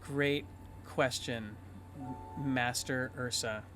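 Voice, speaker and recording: A man's voice: mid-range voice, fairly even intonation, drawn-out words, a bit bright, soft background music, pitched below the performer's own voice. A man voicing a chatty, teasing teenage schoolgirl who rambles and gossips, full of "like".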